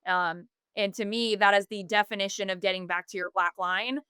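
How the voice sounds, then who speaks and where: A woman's voice: mid-range voice, steady tone, normal speed, bright, forceful tone, clean tone, no echo, studio quality. A woman in her thirties, a podcast guest, telling a personal story earnestly, with many fillers and self-corrections. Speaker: podcast guest, business founder.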